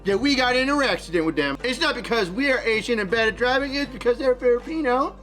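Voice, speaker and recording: A man's voice: extremely high pitch, lively intonation, fast, a bit bright, faint music behind, voice pushed up. A man putting on a boastful sneaky naval officer. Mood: flustered. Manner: mock-foreign caricature voice, bragging, blame-shifting.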